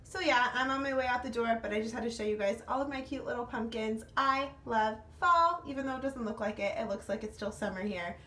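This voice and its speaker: A woman's voice: a little high, fast talker, few pauses, fairly bright tone, roomy sound, a little hiss or hum. A young woman in a casual home vlog, chatty and upbeat, talking straight to her viewers as she walks between rooms with a handheld camera. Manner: chatty and upbeat, often says "you guys". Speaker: vlogger.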